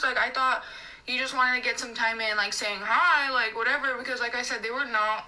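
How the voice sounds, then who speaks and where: Bright-voiced young woman ranting. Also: a little high, brisk, poor audio. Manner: animated, swears a lot, full of fillers. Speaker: restaurant server. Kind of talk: ranting storytime clip.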